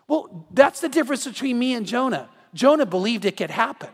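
A man preaching an evening sermon in a church, animated and full of restarts, acting out quoted voices. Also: extremely high pitch, a little fast, creaky, hardly any pauses, big-room sound. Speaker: pastor.

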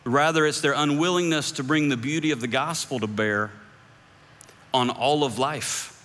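A male pastor preaching a sermon in a conversational way, his voice climbing high whenever he voices other people's views. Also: normal speed, fairly bright tone. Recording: long echoing hall reverb.

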